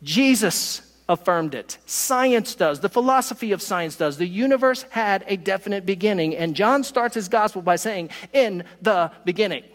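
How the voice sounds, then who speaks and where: A pastor delivers a sermon in a notably high voice. He is emphatic, rushing through asides and slowing down to stress key words. A long reverb from a large hall trails after every phrase. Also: expressive, a bit bright. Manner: emphatic preaching, pace shifting from quick asides to slow stresses.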